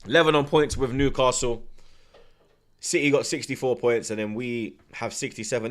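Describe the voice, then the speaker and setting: A young man giving loud, animated live reaction commentary while watching a football match, full of slang and rants. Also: medium pitch, normal speed. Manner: animated, ranting, London slang.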